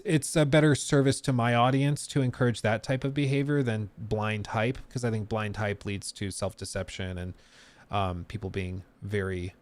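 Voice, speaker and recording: Male streamer, casual chat to camera, mid pitch, dry close mic. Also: dry recording. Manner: talks while reading and answering chat, many fillers and trailing asides.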